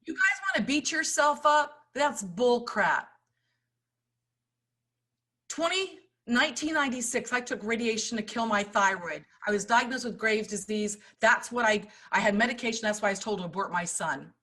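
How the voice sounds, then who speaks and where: A middle-aged woman giving an impassioned motivational talk, swinging between loud urging and hushed storytelling. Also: fairly high pitch, brisk, few pauses. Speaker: summit speaker.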